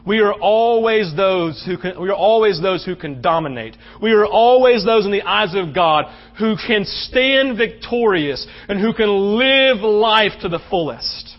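A male pastor preaching with a high, lifted voice, swinging from animated storytelling to quiet, earnest appeals. The recording sounds dull and lo-fi, like a captured church sermon. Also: measured pace, hardly any pauses. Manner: animated storytelling, drops to soft earnest tones.

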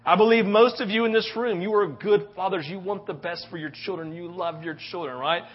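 This pastor, a man in his thirties with a high voice, preaches a sermon at a brisk pace over lo-fi audio. He tells a story animatedly and keeps tacking on "right?" as a tag question.

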